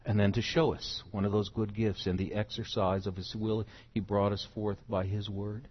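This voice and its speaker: Male pastor, husky voice, sermon that swells from quiet to loud, muffled recording. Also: fairly low pitch, little pitch movement, normal speed. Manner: builds from quiet teaching to loud emphatic preaching. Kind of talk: expository sermon.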